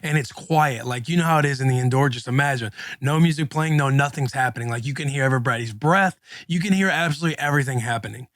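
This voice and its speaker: A man co-hosting a casual podcast, recounting events in loose, slangy bursts. His voice is mid-pitched and sits right on a dry, close microphone with no room sound. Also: no room sound. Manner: animated, slangy, quick retelling with acted quotes. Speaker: podcast co-host. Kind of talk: casual storytelling chat.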